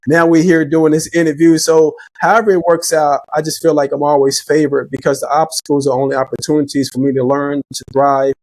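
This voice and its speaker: A man's voice: on the high side, little pitch movement, a little fast, hardly any pauses, a little mellow, dry recording. A middle-aged man telling personal stories as a podcast guest, reflective and earnest, often restarting his sentences. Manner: reflective, faith-driven, repeats words when starting sentences. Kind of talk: earnest conversational storytelling.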